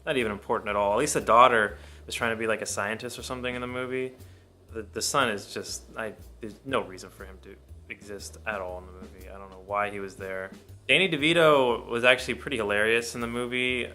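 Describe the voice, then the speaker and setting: A man talks through a film review in a loose, rambling way, swearing freely and speaking bluntly. His voice sounds bright and forceful. Faint music plays underneath. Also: on the low side, fast. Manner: blunt, profane, rambling opinions. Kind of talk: casual spoken film review.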